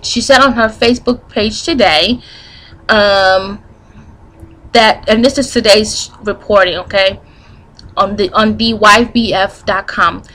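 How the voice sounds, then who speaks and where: A young woman ranting in a commentary vlog, angry and profane, with many asides and quotes read out slowly. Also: mid-range voice, steady tone, fairly bright tone, poor audio. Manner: reads quotes aloud slowly. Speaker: vlogger commenting on news.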